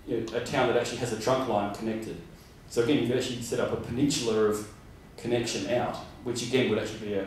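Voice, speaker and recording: The speaker is an Australian man presenting at a conference, wandering through his points with frequent fillers and restarts. His voice is fairly low and a little mellow, heard from far away in a roomy room with a slight hiss or hum.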